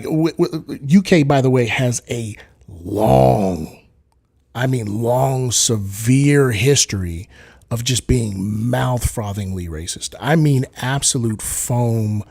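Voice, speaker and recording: A man's voice: mid-range voice, slow pace, gravelly, mellow. A man co-hosting a podcast, arguing heatedly and profanely, breaking into impressions. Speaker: podcast co-host. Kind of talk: heated casual debate.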